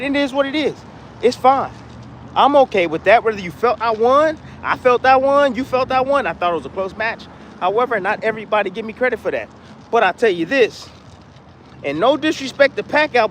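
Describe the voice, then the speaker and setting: A man with a notably high voice talks in a loose, casual monologue. He is blunt and repeats his points, trash-talking freely in the manner of a former boxer giving his opinions. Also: fairly bright tone, a little hiss or hum.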